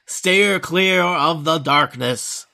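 A man's voice: on the high side, drawn-out words, creaky, bright, forceful tone, full character voice. A man voicing a baby-faced young male priest who delivers grave sermons of warning. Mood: solemn sermon.

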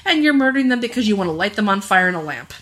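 A woman's voice: medium pitch, very animated, very fast, a bit bright, a little hiss or hum. Woman cohost ranting about movies, dry wit, kinda emphatic. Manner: opinionated, wry, emphatic. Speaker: podcast co-host. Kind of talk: casual chat.

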